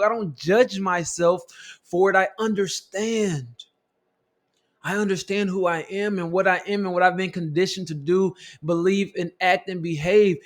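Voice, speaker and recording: A man giving a motivational self-help talk to his viewers in a preachy, repetitive style, often calling them "family" and building to loud climaxes. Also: high-pitched. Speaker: motivational teacher.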